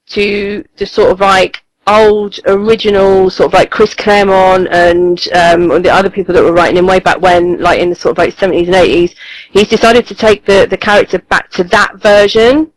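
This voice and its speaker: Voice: medium pitch, fairly even intonation, moderate pace, poor audio. A podcast co-host, chatting casually and eagerly, with many ums and restarts. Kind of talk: casual chat reviewing comics.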